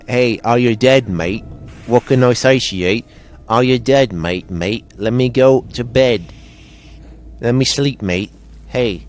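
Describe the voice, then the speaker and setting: A man's voice: mid-range voice, close to an everyday voice. A man putting on a cheeky male rapper in a mock British accent, rhyming in a rhythmic sing-song.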